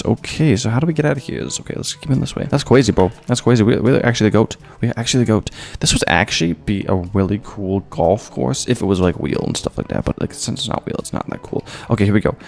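A man giving excitable, jokey gameplay commentary as a gaming YouTuber, throwing in mock-Spanish phrases. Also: medium pitch, gravelly.

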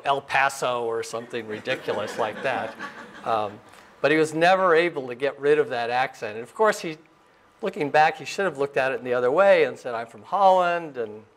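A man in his sixties, raised in Arizona, giving a relaxed lecture about his career, full of fillers and small chuckles. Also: mid-range voice, a little hiss or hum. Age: 60s. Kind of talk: informal lecture. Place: lecture room.

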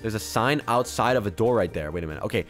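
A young man giving excited gameplay commentary as a video host, jumping between hushed muttering and sudden shouts. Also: fairly low pitch, quick pace, soft background music. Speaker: gaming YouTuber.

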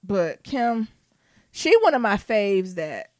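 A woman co-hosting a casual podcast chat, animated, laughing often and singing snatches of songs. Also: medium pitch, slow, no echo, clean studio sound. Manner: animated, laughing, breaks into song. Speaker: podcast co-host.

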